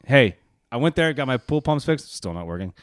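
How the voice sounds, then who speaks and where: A man's voice: mid-range voice, big pitch swings, fairly quick, smooth, no room sound, clean studio sound. A man, co-hosting a casual podcast, joking and teasing with frequent laughs. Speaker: podcast co-host. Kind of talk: casual chat.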